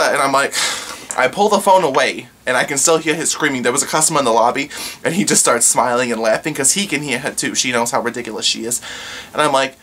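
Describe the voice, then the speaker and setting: A man's voice: medium pitch, brisk, sharp tone, slight background noise. A man who works in a pizza shop, chatting casually and acting out his customers' lines. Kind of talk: casual storytelling vlog.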